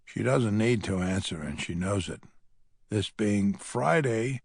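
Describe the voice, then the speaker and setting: A man's voice: medium pitch, creaky, slightly rough, no room sound, studio quality. A man narrating an audiobook in the first person, with a wry, grumbling manner.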